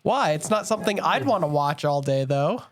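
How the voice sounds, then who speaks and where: A man co-hosting a podcast in casual chat, blunt and quick to swear. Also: a little high, lively intonation, a little hiss or hum. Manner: blunt, profane. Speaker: podcast co-host.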